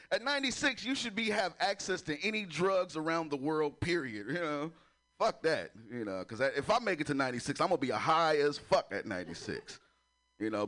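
A man doing a crude stand-up routine on a comedy club stage, laughing at his own jokes as he tells stories. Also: on the high side. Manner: crude, laughing, animated storytelling.

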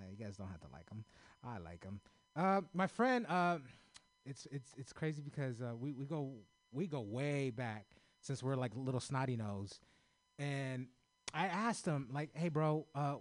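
A man's voice: medium pitch, no echo. An American man doing a loose, rambling stand-up set at an open mic, swearing a lot and brushing off his own jokes. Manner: loose and rambling, self-deprecating, heavy swearing. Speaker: stand-up comedian. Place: small comedy open mic.

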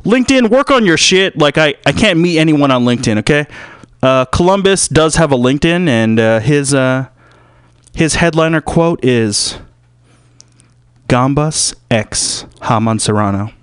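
A man hosting a radio show, rambling through a joking monologue full of fillers and sudden loud put-on voices. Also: medium pitch, a little slow, clear, resonant tone, dry recording, studio quality. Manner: rambling, jumps into loud shouted impressions; filler-heavy, loose and joking.

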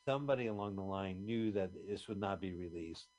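A man with a fairly low voice talks in a loose, rambling way with his co-host. He strings together film trivia and old memories as they come to him. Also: a little fast, darkish tone. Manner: rambling, chatty, trivia-minded. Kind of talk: casual movie commentary chat.

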